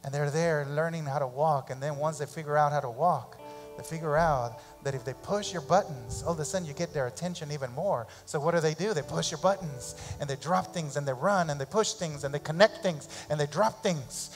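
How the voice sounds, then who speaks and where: A man preaching a sermon as pastor in a church, animated and repeating phrases for emphasis, sometimes acting out parents' voices. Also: a little high, long reverb tail, soft background music. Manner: acts out parents' voices in quick asides. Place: church sanctuary.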